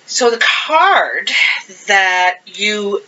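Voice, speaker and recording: A woman's voice: mid-range voice, sing-song, drawn-out words, sharp tone. A woman giving a casual monthly tarot reading, chatty and rambling as she thinks aloud over the cards. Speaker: tarot card reader. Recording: dull lo-fi sound.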